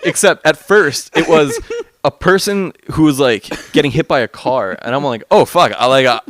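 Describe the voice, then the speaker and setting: A man's voice: fairly high pitch, moderate pace, no room sound, clean studio sound. A man from Canada, co-hosting a stream, telling stories in casual chat, laughing and acting out sounds. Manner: animated, laughing, mimics sounds. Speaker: stream co-host.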